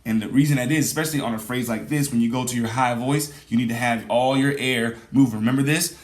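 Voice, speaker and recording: A man leading a vocal warm-up lesson, coaxing and energetic, singing examples between spoken pointers over guitar accompaniment. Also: medium pitch, quick pace, echoey room. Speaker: vocal coach.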